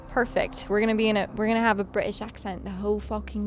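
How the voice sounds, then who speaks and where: A woman's voice: medium pitch, flat delivery, fast, hardly any pauses, faint music behind. A young adult woman streamer giving casual, chatty gameplay commentary, swearing freely and talking to her chat.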